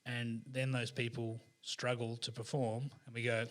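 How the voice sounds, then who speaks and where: A man, a podcast guest, telling a story in casual conversation, chatty and animated with lots of restarts. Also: medium pitch, unhurried.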